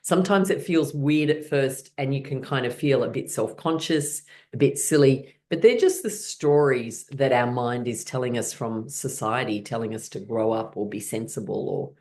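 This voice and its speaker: A woman's voice: extremely low pitch, moderate pace, hardly any pauses, darkish tone. A woman teaching a guided laughter exercise class, coaching her listeners in an encouraging, playful way.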